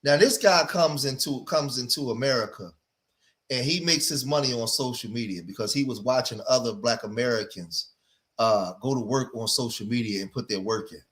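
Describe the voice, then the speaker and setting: A man's voice: medium pitch, normal speed, fairly bright tone. A man hosting a livestream, reacting to clips in emphatic commentary and repeating phrases for emphasis.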